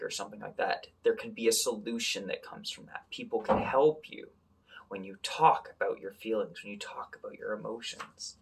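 A man reading a picture book aloud to children as their teacher and leading a calming breathing exercise. He is gentle and encouraging, often dropping to a soft whisper. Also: fairly low pitch, moderate pace, vocal fry, a little hiss or hum.

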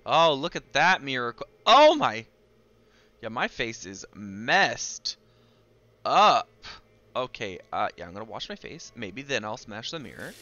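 A man commentating on the game he is playing, excitable and jumpy, often crying out when startled. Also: medium pitch, moderate pace, few pauses, no echo, highs cut off. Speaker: gaming video host. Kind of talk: let's play commentary.

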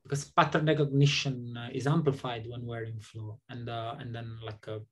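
A man's voice: mid-range voice, little pitch movement, normal speed. Guy hosting a group chat, lots of uhs and restarts, jokey. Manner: hesitant, many fillers and restarts; playful, laughs often. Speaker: seminar host. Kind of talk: casual group discussion.

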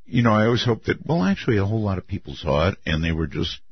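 A man's voice: husky, no room sound. An older man hosting a late-night call-in radio show, musing and drawn out as he takes callers. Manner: musing, drawn-out, lively pitch swings. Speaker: radio talk show host. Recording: muffled dry radio broadcast.

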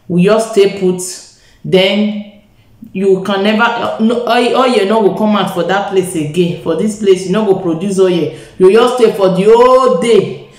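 A woman's voice: mid-range voice, a little mellow. Chatty Nigerian woman in an echoey room. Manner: chatty, talks straight to viewers, mixes Pidgin into English. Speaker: beauty vlogger. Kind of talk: live makeup tutorial.

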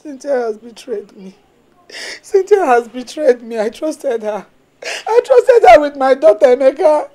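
A heartbroken mother, crying and wailing, her high voice swinging widely from sobs to cries. Soft music plays under the scene. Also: very animated, normal speed. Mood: despairing. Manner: wailing and despairing. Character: grieving middle-aged Nigerian mother. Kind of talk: Nollywood film acting.

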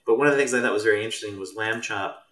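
A man's voice: on the low side, racing, a bit bright, far from the mic. A man, a mental health professional, talking thoughtfully as a guest in a casual discussion. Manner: thoughtful, meandering. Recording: roomy, off-mic.

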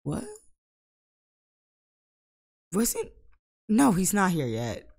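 A woman giving casual Let's Play commentary, exasperated and bursting into loud outbursts at the game. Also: fairly low pitch, big pitch swings, extremely slow, gravelly, husky. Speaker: gaming YouTuber.

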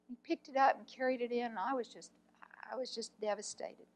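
A woman, an art teacher, telling a personal story in an earnest, heartfelt way, often speaking softly. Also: on the high side, fairly even intonation, fairly quick, rough recording.

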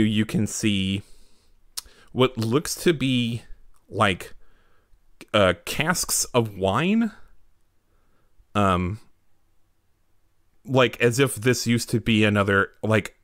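A man's voice: fairly low pitch, a bit bright, no room sound, studio quality. A man narrating as game master in a tabletop role-play, with many fillers and restarts. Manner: hesitant, filler-heavy narration.

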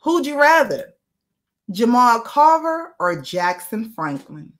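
A woman's voice: on the high side, big pitch swings, takes it slowly. A woman from Atlanta with a Southern accent, hosting a casual interview, playful and laughing often. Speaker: host.

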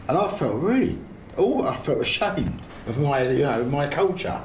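A musician being interviewed, talking in a cheeky, blunt way and swearing freely. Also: male voice, mid-range voice, very animated, normal speed, a little mellow, a little hiss or hum. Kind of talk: reflective interview talk. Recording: music playing underneath.

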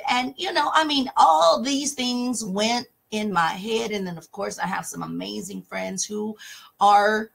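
A woman hosts a casual talk about scripture in a somewhat husky voice. She speaks emphatically and with passion, reading verses aloud between her own remarks. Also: medium pitch, measured pace. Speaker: talk show host.

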